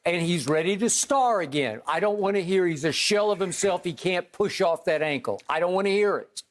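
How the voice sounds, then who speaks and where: High, pointed man on a debate show. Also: animated, normal speed. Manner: pointed, accusatory. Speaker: sports debate show co-host. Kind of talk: heated sports debate.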